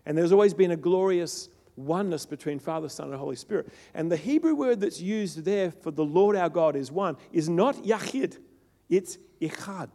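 Male preacher, slightly high voice, sermon with swings from soft to forceful, long hall reverb. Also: animated, fairly quick, hardly any pauses. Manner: builds to loud emphatic peaks, then drops soft.

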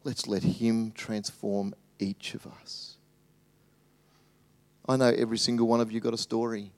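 A man preaching a sermon as pastor, swinging between loud animated bursts and hushed, tender asides. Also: fairly low pitch, unhurried.

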